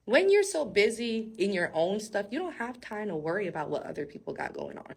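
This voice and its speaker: A woman giving a casual, animated Bible-story sermon. She laughs often and talks straight to her viewers. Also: medium pitch, a little fast, hardly any pauses, breathy edge. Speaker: faith speaker.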